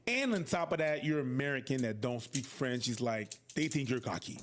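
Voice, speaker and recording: A man telling a relaxed story about friends who moved to the city. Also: mid-range voice, a little fast, few pauses, a little hiss or hum. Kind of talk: casual commentary clip.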